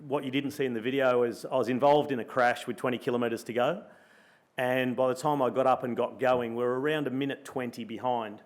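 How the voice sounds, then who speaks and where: A middle-aged Australian man, a former pro cyclist, telling a lively story at a luncheon and acting out his own thoughts as he goes. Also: mid-range voice. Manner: animated storyteller, acts out his own thoughts in quoted asides. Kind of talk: storytelling in a live interview. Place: luncheon event room.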